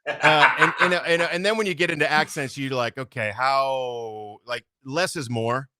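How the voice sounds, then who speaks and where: A man who narrates audiobooks, talking in a relaxed, rambling way as a podcast guest and swearing freely. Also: on the high side, brisk. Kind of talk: casual podcast chat.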